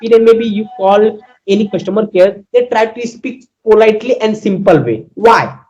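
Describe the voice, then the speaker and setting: A man with an Indian English accent and a high-pitched voice speaks earnestly in a casual chat. He leans on fillers and repeats himself as he makes his points. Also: moderate pace, darkish tone, lo-fi sound. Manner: earnest, repetitive, lots of fillers. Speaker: guest. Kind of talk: casual conversation about learning English.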